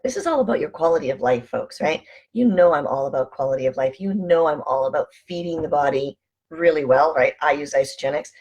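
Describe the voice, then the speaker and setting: A woman vlogger giving casual motivational talk, calmly encouraging listeners to breathe and slow down. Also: deep voice. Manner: calm, encouraging, coaching listeners through breathing. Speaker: wellness vlogger.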